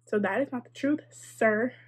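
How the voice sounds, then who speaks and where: A woman's voice: on the high side, moderate pace, husky. A young adult woman telling a casual storytime, chatty and sarcastic, with lots of "like" and wry asides. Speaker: vlogger.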